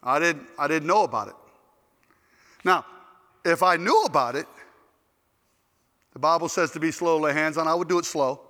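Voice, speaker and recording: A male preacher tells stories through a sermon in an animated, joking manner, acting out the people in them. His voice sits high and bright. The recording carries a long, echoing hall reverb. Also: moderate pace, pauses often. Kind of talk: storytelling sermon.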